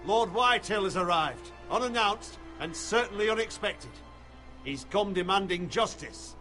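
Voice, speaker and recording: An actor playing a loyal house servant in a video game, urgent and deferential. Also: male voice, sits high, lively intonation, moderate pace, sharp tone, soft background music.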